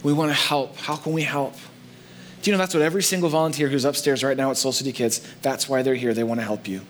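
A man's voice: medium pitch, steady tone, quick pace, slight background noise. A man preaching as pastor in a church, earnest and conversational. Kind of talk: sermon. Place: church sanctuary.

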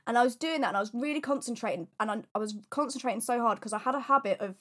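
A young woman co-hosting a podcast, telling self-deprecating stories in an animated, casual way. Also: a little high, racing. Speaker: podcast co-host. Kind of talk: casual chat.

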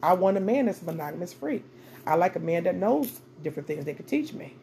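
A woman's voice: lowish voice, very animated, quick pace, creaky, mellow, a little hiss or hum. A middle-aged woman hosting a podcast, giving dating advice in a blunt, profane, casual monologue and repeating phrases for emphasis. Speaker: podcast host.

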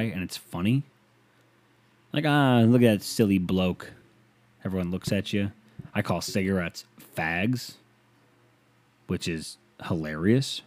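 A man's voice: sits low, a little mellow. An American man doing a sarcastic, profane comedic solo rant as a podcast host. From United States.

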